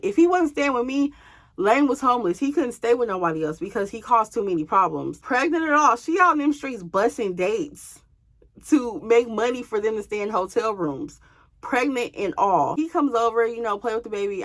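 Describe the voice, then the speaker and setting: A young woman tells a personal story straight to her viewers in a loose, chatty way. Her pitch sits in the middle range for a woman. She tosses in offhand, dismissive asides as she talks. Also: a bit bright. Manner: chatty, addresses viewers as y'all. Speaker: storyteller vlogger. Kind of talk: casual storytime monologue.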